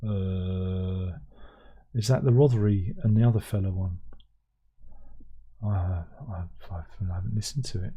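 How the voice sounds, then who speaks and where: A man's voice: low-pitched, a little slow, long pauses, slightly rough, highs cut off. A middle-aged man hosting a casual livestream, who reads out viewer comments and hums to himself between them. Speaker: livestream host.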